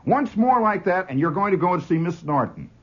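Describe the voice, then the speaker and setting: A man's voice: sits high, very animated, brisk. A man voicing a flustered woman schoolteacher scolding a pupil, heard on a dull 1970s radio broadcast. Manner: stern scolding.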